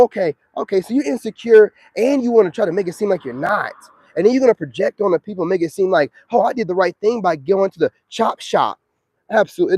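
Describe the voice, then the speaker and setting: Slangy, preachy man, mellow voice. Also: high voice, slightly rough, no echo. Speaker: live-stream host. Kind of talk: casual live-stream monologue.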